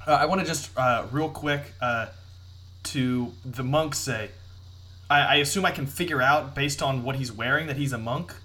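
Male player, hesitant questions, bright forceful tone. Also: mid-range voice, normal speed. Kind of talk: casual tabletop play.

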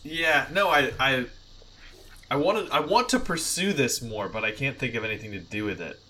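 A man playing a tabletop game, talking casually with animated restarts. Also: medium pitch, moderate pace. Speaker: player.

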